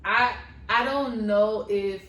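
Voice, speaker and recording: A woman's voice: mid-range voice, slow, distant mic. Chatty woman recapping, echoey room. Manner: animated, gossipy, acts out other people's lines. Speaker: co-host of a couple's reaction channel. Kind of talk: casual reality-show recap chat. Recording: echoey room, voice a bit off-mic.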